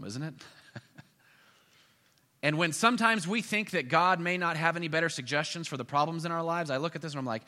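Male pastor, high bright voice, animated sermon storytelling with acted-out voices, reverberant sanctuary. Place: church sanctuary.

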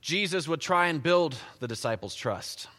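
Bright-toned preacher in an echoing church. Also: male voice, a little high, normal speed. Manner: conversational, animated, storytelling. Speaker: pastor. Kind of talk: sermon. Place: church sanctuary. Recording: long church reverb.

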